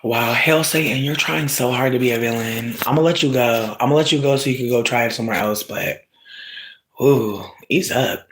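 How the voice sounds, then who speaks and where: Casual storytelling streamer, profane, animated, shouts loudly at times, mid-pitched voice. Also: moderate pace. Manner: asides to the audience. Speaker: streamer talking to viewers.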